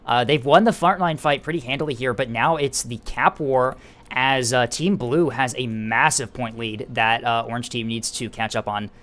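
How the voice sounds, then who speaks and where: A man casting a space battle game live, calling the play-by-play and getting excited in tense moments. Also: mid-range voice, normal speed. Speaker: esports caster.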